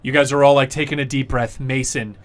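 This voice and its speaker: A man narrating as dungeon master in a relaxed, casual way, with plenty of fillers. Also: medium pitch, brisk. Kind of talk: narrating a tabletop game.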